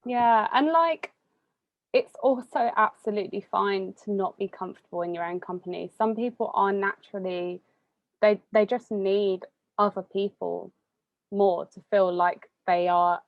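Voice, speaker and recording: A young woman, chatting casually as an interviewee, full of fillers and quick laughs. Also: medium pitch, no echo, highs cut off. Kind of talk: casual conversation.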